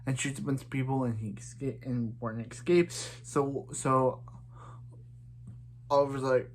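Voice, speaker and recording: A man's voice: medium pitch, fairly even intonation, a little slow, long pauses, slight background noise. A man casually recapping and reviewing a TV episode, rambling with frequent restarts and filler words.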